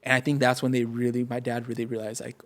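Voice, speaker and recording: A young man, a pastor, telling his story in a casual podcast interview, rapid and animated, full of fillers and acted-out quotes. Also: medium pitch. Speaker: pastor and guest. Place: podcast studio.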